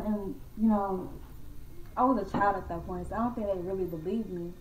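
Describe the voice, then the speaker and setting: A young woman casually telling a true ghost story to her viewers, slangy and animated, calling them y'all and acting out her own scared voice. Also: medium pitch, a little fast, distant mic, phone-quality sound. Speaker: vlogger. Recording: echoey room from off-mic.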